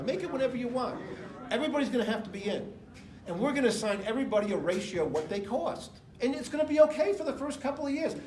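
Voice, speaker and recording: A middle-aged American man giving an off-the-cuff campaign speech to a room full of people, rambling and emphatic as he jumps between anecdotes and figures. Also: very high voice. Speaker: political candidate. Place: indoor room with an audience. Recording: echoey room.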